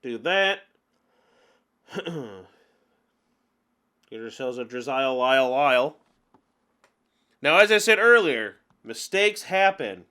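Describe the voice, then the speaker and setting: A man giving casual gameplay commentary on a card game, chatty and openly venting his frustrations with animated outbursts. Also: medium pitch, takes it slowly, pauses often, smooth. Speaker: gaming channel host.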